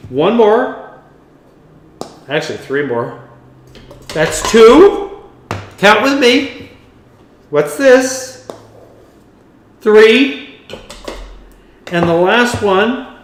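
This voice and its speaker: A man's voice: a little high, roomy sound. A man hosting a home cooking video, chatting playfully and teasing his cameraman as he mixes. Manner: playful, camp, talks to the cameraman and to the food.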